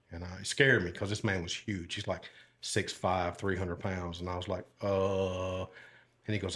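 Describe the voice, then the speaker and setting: Folksy older man, low voice. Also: little pitch movement, moderate pace, fairly bright tone. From Alabama. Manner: folksy, rambling, with many fillers and asides. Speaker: podcast guest, retired sheriff's deputy. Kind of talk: casual storytelling interview.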